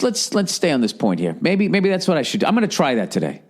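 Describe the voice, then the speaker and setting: A man's voice: mid-range voice, wildly swooping pitch, a little fast, few pauses. Profane, rambling male podcast host. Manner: profane, rambling, self-mocking, mimics people in put-on voices. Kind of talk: casual rant.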